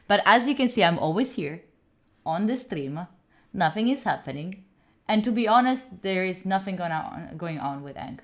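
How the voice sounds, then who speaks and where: A woman's voice: medium pitch, animated, normal speed. A young Italian woman with an Italian accent, chatting casually with her stream chat, laughing often and answering viewers' questions. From Italy. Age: young adult. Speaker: study streamer.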